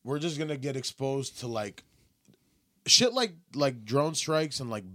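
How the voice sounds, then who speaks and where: A man's voice: medium pitch, lively intonation, a little slow, fairly bright tone, no echo, studio quality. A young man co-hosting a podcast, talking politics with sarcasm, swearing and lots of fillers. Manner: profane, sarcastic, trailing off with fillers. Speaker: podcast co-host. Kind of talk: casual political chat.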